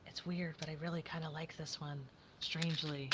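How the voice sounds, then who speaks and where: Low-voiced woman crafting aloud. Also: flat delivery, moderate pace, heavy background noise. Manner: chatty, thinking aloud, often drops to a whisper. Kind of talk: casual crafting commentary.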